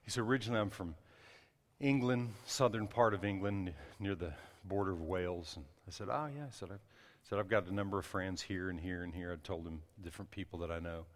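Low-voiced guy preaching, chatty storytelling, lots of restarts, big echoey church hall. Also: steady tone, brisk. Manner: conversational, many restarts and asides. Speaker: pastor. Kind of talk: sermon storytelling.

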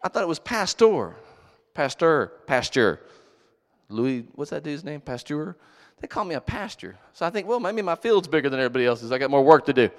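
Lively preacher man in a big echoing hall. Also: a little high. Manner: animated, joking storyteller who shouts for emphasis. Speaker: pastor. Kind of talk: sermon. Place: church hall. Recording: long reverb of a large hall.

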